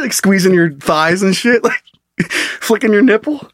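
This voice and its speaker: A man's voice: expressive, a little slow, a bit bright, no room sound, studio quality. A young man co-hosting a comedy podcast, laughing a lot and acting out silly bits in put-on voices. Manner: laughs constantly, acts out bits in high voices. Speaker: podcast co-host. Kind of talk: casual comedic chat.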